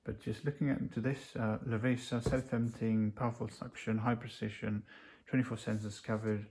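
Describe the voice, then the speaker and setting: A man's voice: mid-range voice, level tone, normal speed, darkish tone. A man casually unboxing a gadget, rambling with many fillers as he reads the specs off the box aloud. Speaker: unboxing vlogger. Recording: noisy home recording.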